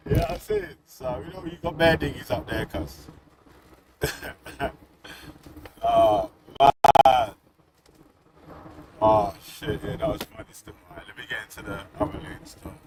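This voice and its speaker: A man with a Nottingham accent talks in loose, slangy banter, breaking into laughter every few words. His voice sits high and leaps wildly up and down. He takes his time, and a steady noisy hum runs underneath. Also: slow pace, gravelly, long pauses. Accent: Nottingham English. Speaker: streamer reacting to videos. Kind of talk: casual reaction chat.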